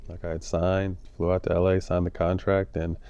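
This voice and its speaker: A former pro athlete in his forties, casually telling a long story as a podcast guest, relaxed and profane, often repeating words as he searches for the next one. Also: low-pitched, moderate pace, smooth, dull audio. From United States.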